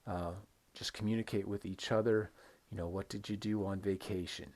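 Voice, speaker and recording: A man teaching an English lesson on video, modeling intonation slowly and emphatically and checking in with "right?" between examples. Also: on the low side, steady tone, darkish tone. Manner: repeats words for stress, frequent "right?" checks. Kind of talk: recorded online lesson.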